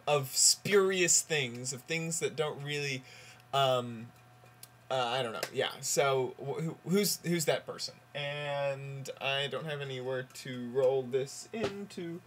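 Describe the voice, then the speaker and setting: A man vlogging casually, rambling and halting with lots of fillers while he sets up a long joke. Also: on the high side, fairly bright tone, a little hiss or hum. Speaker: vlogger on a group channel. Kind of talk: casual vlog, telling a joke.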